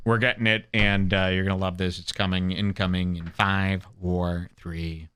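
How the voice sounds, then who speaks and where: A man's voice: deep voice, steady tone, normal speed, few pauses, a bit bright, smooth. A man hosting a comedy podcast, riffing and mocking with big swings. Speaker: podcast host.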